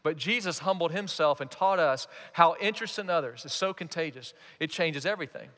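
Animated high-voiced male pastor preaching. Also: brisk. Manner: animated, acts out quoted voices. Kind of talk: sermon. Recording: reverberant hall.

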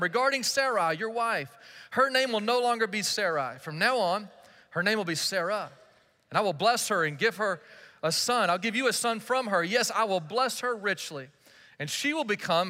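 A man's voice: sits high, bright, forceful tone. A male pastor delivering a sermon, telling the story with playful acted-out dialogue. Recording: large hall with long reverb.

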